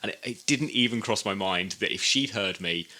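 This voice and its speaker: Bright-voiced lad telling stories. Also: male voice, lowish voice, normal speed. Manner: laughing storyteller, swears freely. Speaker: podcast co-host. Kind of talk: casual chat.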